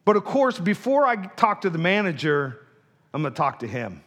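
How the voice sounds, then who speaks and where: A male pastor preaching a sermon, telling a personal story and acting out both sides of a quarrel, then dropping to a low, hushed voice for the heart of his message. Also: sing-song, normal speed.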